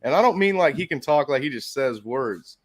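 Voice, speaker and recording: A man in casual podcast chat who tells animated stories, swears freely and mimics his dog in a high voice. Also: fairly quick. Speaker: podcast co-host.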